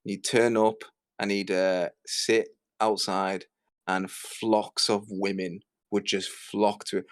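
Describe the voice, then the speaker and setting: A man hosting a commentary video, ranting sarcastically with lots of swearing and sudden jumps in pitch. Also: little pitch movement, slow pace. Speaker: commentary host.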